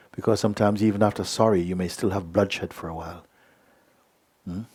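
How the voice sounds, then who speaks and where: A middle-aged man gives a gentle satsang talk in a low, deep voice. His tone is husky and a little rough. He speaks unhurriedly, keeps asking "you see?" and "hmm?", and now and then drops to a near-whisper. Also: fairly even intonation, fairly quick. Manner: drops to a soft whisper at times. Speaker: spiritual teacher. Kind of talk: satsang talk answering a letter.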